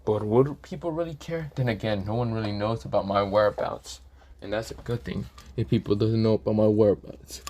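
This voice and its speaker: A man's voice: on the low side, fairly quick, dark tone, close to an everyday voice. Man voicing a rattled teenage boy assassin in a fan audio story; swears, irritable. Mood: brooding.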